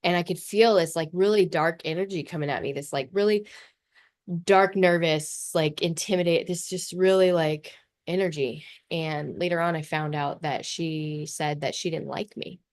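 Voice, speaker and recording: A woman's voice: low-pitched, fairly even intonation, normal speed. A middle-aged woman hosting a podcast, telling personal stories candidly in a loose, blunt way, swearing casually and laughing often. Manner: talks in loose run-on phrases with many fillers. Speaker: podcast host.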